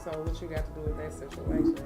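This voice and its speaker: A woman co-hosts a casual radio show and mostly chimes in with short reactions. Her voice sits low, and loud music plays in the background. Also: monotone, quick pace.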